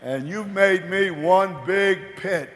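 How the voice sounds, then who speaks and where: A man's voice: high voice, slow pace, a bit bright. A man giving a rambling, playful motivational talk at a convention, telling a folksy story from the stage on a microphone. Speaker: convention keynote speaker. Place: large convention hall stage. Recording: echoey convention hall.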